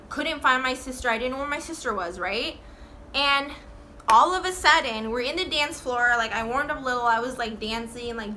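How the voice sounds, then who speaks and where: Young woman telling a wild story, says like a lot, cusses, bright high voice. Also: slight background noise. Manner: rambling, profane, heavy on "like". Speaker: vlogger. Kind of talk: casual storytime.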